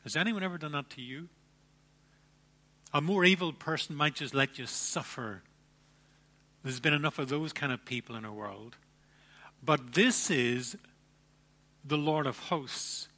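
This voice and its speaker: A man preaching a sermon, emphatic, with dramatic pauses and repeated phrases. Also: fairly high pitch, pushed and bright. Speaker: pastor.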